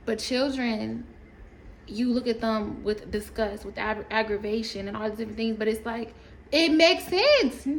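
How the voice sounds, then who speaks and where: A woman ranting casually to camera, animated and profane, rambling with laughs along the way. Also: on the high side, normal speed, gravelly, a little hiss or hum, poor audio. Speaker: storytime creator.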